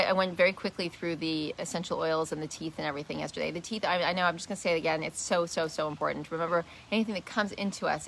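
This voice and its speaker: A woman explains a wellness lesson with a lowish, gravelly voice that has a bright, forceful edge. She talks earnestly, often stopping to restart or repeat a word. A faint background noise sits behind her. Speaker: wellness teacher. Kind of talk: casual live teaching talk. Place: indoors, shifting light.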